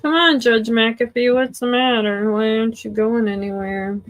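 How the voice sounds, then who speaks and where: A woman's voice: fairly high pitch, fairly even intonation, moderate pace. A tired woman hosting a livestream, chatting with viewers in a rambling way, swearing and laughing often. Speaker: livestream host. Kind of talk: casual livestream chat with viewers.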